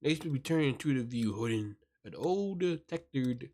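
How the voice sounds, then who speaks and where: A man serving as game master, narrating a tabletop role-playing scene in a descriptive, unhurried way, sometimes stumbling over words. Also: mid-range voice, lively intonation, warm tone, a little hiss or hum. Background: music.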